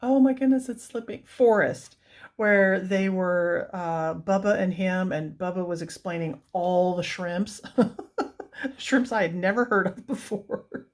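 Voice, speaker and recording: Woman, unhurried, chatty, gushing, rambling asides. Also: lowish voice. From United States. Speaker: coloring book reviewer. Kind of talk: chatty book flip-through.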